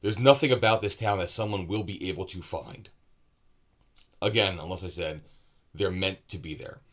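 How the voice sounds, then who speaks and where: A man's voice: deep voice, moderate pace, fairly bright tone. A man giving a casual, unscripted book review, loose and rambling with asides and self-corrections.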